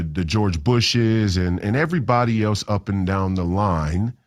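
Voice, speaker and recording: A man's voice: fairly low pitch, a little mellow. A man hosting a political talk show, delivering a combative, emphatic monologue with frequent restarts.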